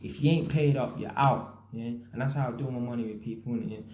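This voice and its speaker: A man's voice: mid-range voice, fast talker, darkish tone, a little hiss or hum. Slangy London man in an echoey room. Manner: slangy, repeats "yeah?" and "innit", swears, acts out quotes. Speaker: vlogger, builder and landlord. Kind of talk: casual storytelling rant.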